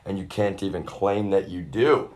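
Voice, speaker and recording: A young man with a very low voice vents into his own camera in a long, rambling rant. He swears constantly and keeps on calling his viewers y'all, like a streamer talking straight to his chat. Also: moderate pace, darkish tone. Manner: swears heavily and keeps addressing the audience as y'all. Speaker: livestreamer. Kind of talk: profane rambling rant to a live audience. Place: at his grandmother's residence. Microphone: self-filmed camera.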